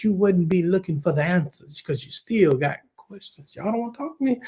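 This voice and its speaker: Husky preaching pastor, man, Southern accent. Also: sits high. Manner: preachy call-and-response, repeats words, swings loud and soft. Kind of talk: sermon.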